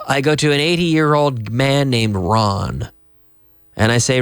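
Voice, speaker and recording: A man's voice: medium pitch, animated, measured pace, dry recording, clean studio sound. A man from Canada teaching English vocabulary on a TV lesson, spelling words out and switching into Spanish.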